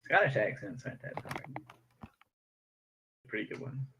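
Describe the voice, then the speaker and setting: A man's voice: medium pitch, lively intonation, a little slow, fairly bright tone, slight background noise. A man playing a tabletop game with friends, chatting casually and joking around. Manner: laughing, joking. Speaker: player. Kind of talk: casual gaming chat.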